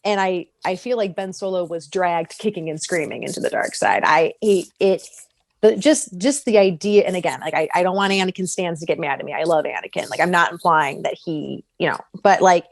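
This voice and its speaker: A woman talking casually on a podcast, animated and laughing often as she breaks down a character. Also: on the low side, brisk, vocal fry, dry recording. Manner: animated, laughs often, acts out quoted voices. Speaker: podcast co-host. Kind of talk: casual fan discussion.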